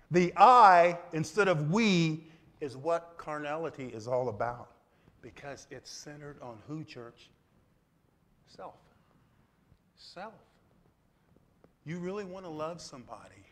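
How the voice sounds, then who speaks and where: A man preaching a sermon to his church in an animated way, with sudden loud exclamations and asides to the congregation. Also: on the high side, normal speed, a little hiss or hum. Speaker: pastor. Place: church sanctuary.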